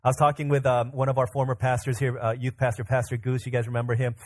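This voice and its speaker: A man's voice: medium pitch, fast, dry recording. Man preaching a story-driven sermon. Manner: lively retelling, with restarts and fillers. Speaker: pastor.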